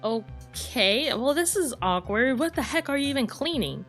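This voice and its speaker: A woman's voice: high-pitched, expressive, moderate pace, fairly bright tone, soft background music. A woman voicing a young spaceship crew member in a horror visual novel, sarcastic and incredulous.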